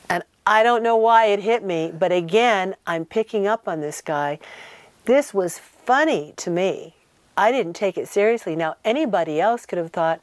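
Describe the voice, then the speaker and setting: A woman in her sixties, a guest in an interview, telling animated and emphatic stories and acting out the people she quotes. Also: mid-range voice, moderate pace, dry recording. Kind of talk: anecdotal interview storytelling.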